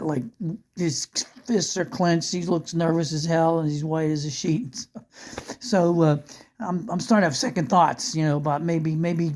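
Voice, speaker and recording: Mellow-voiced man telling a story. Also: on the high side. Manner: conversational, rambling with restarts and asides; chuckles through funny moments. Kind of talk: spoken storytelling.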